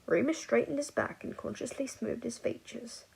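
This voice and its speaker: A woman narrating a fan fiction story aloud in an expressive audiobook style. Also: on the high side, normal speed, creaky, slightly rough, low-quality recording. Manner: expressive, voices each character.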